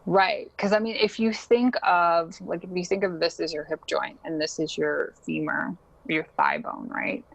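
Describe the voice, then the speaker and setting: A woman's voice: on the low side, expressive, normal speed, vocal fry, dry recording, rough recording. A young adult woman chatting casually as a podcast guest, laughing often and filling her talk with likes and ums. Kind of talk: casual interview chat.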